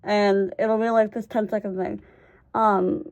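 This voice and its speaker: A woman's voice: mid-range voice, measured pace, lo-fi sound. Laughing, candid young woman vlogger. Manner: laughs often while telling stories, relaxed and candid; swears casually, many fillers. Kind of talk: casual storytime chat.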